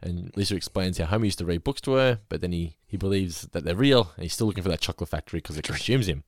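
A man's voice: low voice, expressive, fast talker, dry recording, clean studio sound. A man hosting a podcast, casually chatting and recapping an episode with frequent laughs. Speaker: podcast co-host.

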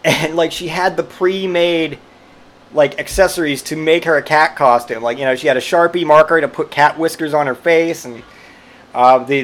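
A man's voice: a little high, fairly bright tone. A man telling a rambling personal story, swearing freely and amused, with lots of fillers and restarts. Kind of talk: casual storytelling monologue.

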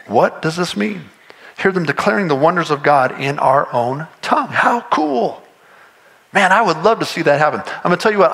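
A man preaching a sermon as pastor, in a conversational, animated way, acting out imagined voices. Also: on the high side.

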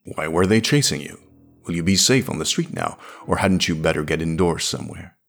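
A man's voice: low-pitched, expressive, brisk, gravelly, heavily acted. A man voicing a blunt, tough male spacefarer who asks plain, direct questions. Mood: curious.

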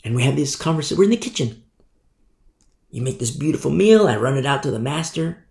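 A man's voice: mid-range voice, sing-song, quick pace, vocal fry, darkish tone. A man preaching a Bible teaching in a conversational way, acting out little scenes as he goes. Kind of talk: sermon. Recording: echoey room.

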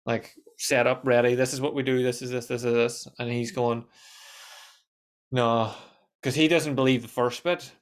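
A man hosting a casual podcast conversation, animated and swearing freely. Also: medium pitch. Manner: animated, swears, quick asides.

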